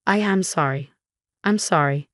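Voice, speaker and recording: Spiteful mother-in-law read by a woman, sneering, low voice, dry sound. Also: unhurried, no room sound, close to an everyday voice. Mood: pleading. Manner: sneering, insulting. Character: spiteful, scornful middle-aged mother-in-law.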